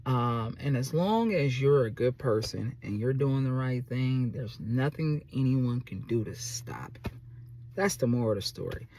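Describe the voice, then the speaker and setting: A man who runs a small business, telling a story to camera in an animated, chatty way and often checking in with "okay?". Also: medium pitch, a little slow. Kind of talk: casual storytelling vlog.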